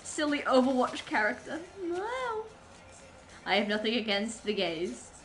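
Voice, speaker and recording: A woman's voice: a little high, animated, normal speed, a bit bright, soft background music, rough recording. A woman livestreamer rambling in casual chat with her viewers while gaming, giggling and poking fun at herself. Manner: rambling, giggly, self-mocking.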